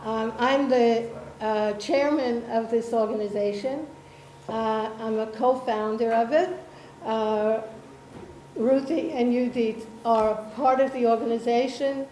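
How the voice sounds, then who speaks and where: An Israeli woman who chairs an association presents a workshop in a reverberant lecture room with faint ambience and slight background noise. Her voice is a little high yet mellow and steady, and she explains slowly, saying "um" and checking that the room is following.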